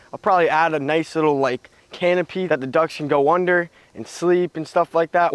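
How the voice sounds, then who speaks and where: A young man filming a casual vlog in his backyard, excitable and slangy, talking straight to his viewers. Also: on the high side, no echo. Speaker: vlogger. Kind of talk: casual outdoor vlog narration. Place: backyard outdoors.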